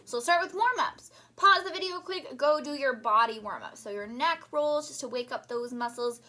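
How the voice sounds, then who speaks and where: A woman voice teacher leading a recorded singing lesson, cheerful and encouraging, singing short warm-up demonstrations. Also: sits high, normal speed.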